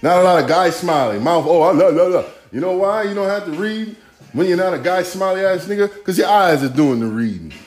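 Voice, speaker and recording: A man's voice: high voice, lively intonation, a little fast. A man hosting a podcast, ranting casually in profane, rambling, rhythmic street talk. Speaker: podcast host. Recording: echoey room, faint music.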